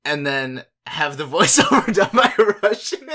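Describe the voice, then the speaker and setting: A man's voice: on the high side, very animated, moderate pace, pushed and bright. A young man co-hosting a podcast in casual chat, playful and giggly, jumping from idea to idea. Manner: playful, giggly, jumps between ideas. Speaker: podcast co-host.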